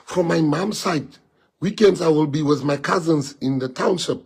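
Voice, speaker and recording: A South African politician and native Afrikaans speaker addresses followers in an emotional live-streamed monologue, his South African accent clear. His voice is slightly high, expressive, fairly quick, slightly rough, with vocal fry, and he keeps repeating rhetorical questions.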